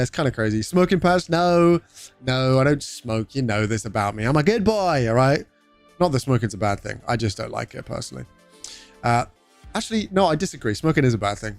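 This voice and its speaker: A man's voice: fairly high pitch, darkish tone, no echo. A young British man streaming live, chatting casually, greeting viewers by name and swearing freely. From United Kingdom.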